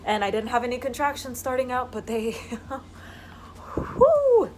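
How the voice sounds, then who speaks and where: A young woman chatting casually to the camera while in labor, giggly and excited, pausing through contractions. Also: a little high, background noise. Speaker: vlogger. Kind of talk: casual vlog chat.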